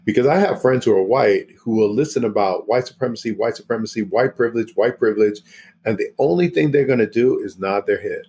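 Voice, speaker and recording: A man's voice: medium pitch, a little fast, mellow. A middle-aged man hosting a podcast, talking casually and emphatically, often checking in with the listener. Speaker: podcast host, sociologist. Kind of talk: casual conversation.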